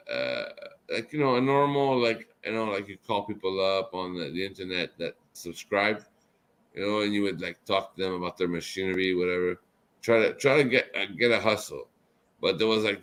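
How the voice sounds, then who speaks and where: A drunk man hosting a casual chat show, rambling and swearing, swinging between loud outbursts and mumbled asides. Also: sits low. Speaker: show host.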